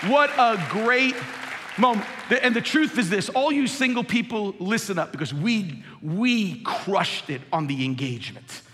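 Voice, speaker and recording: A man in his fifties leads a sermon from the pulpit in a big reverberant hall. His voice sits high and bright, and he shifts between forceful, rising emphasis and soft, low storytelling. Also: lively intonation, unhurried, some chatter behind, slight background noise. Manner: emphatic preaching, swinging from loud peaks to low quiet storytelling. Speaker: pastor.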